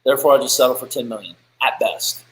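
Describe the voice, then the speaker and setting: A man's voice: medium pitch, fairly even intonation, fast, slight background noise. A man hosting a live business show, giving a blunt, profane, fired-up motivational rant. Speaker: business podcast host. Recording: echoey room.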